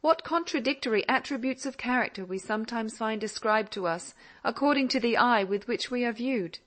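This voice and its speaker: A woman narrating a classic novel in an audiobook, measured and reflective. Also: fairly high pitch, a bit bright.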